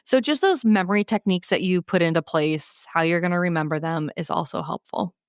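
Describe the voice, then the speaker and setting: Woman co-host explaining stuff, lowish voice, dry sound. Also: fairly quick, no room sound. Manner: explanatory, laughs easily. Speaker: podcast co-host. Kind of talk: casual chat.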